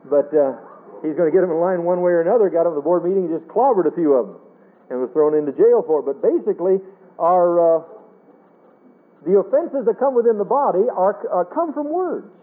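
A man preaching a sermon in a folksy, earnest way, rising and falling as he quotes scripture. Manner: folksy, earnest preaching with wide swings in pitch. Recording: tinny phone-line radio broadcast.

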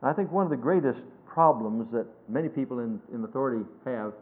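A man preaching a sermon, emphatic, swinging between loud stresses and hushed phrases and quoting scripture in a measured cadence. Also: mid-range voice, lively intonation, a little hiss or hum. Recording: tinny phone-like sermon recording.

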